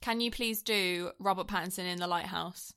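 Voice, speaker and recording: A woman's voice: fairly low pitch, fairly even intonation, moderate pace, fairly bright tone, clear, resonant tone. A woman from the UK co-hosting a casual film podcast, teasing her partner and laughing a lot. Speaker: podcast co-host. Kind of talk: casual chat, film ranking.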